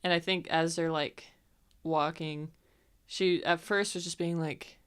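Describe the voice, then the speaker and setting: A woman's voice: low voice, steady tone, a little slow, fairly bright tone, clean tone. A woman player describing her character in a casual, rambling way with many fillers. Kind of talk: tabletop game play.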